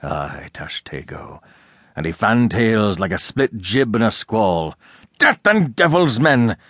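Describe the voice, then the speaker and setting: Casting: man playing a raging old whaling captain, wild swinging pitch, slow heavy delivery. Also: very animated, no room sound, studio quality, exaggerated voice. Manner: ranting, shouting, wildly swinging. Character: fierce obsessed old male sea captain.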